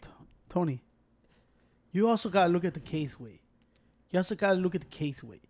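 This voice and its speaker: A man, co-hosting a casual, profane debate, blunt and quick to cut in while mixing in Spanish. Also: high-pitched, animated, darkish tone. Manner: blunt, code-switches, cuts in. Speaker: podcast co-host.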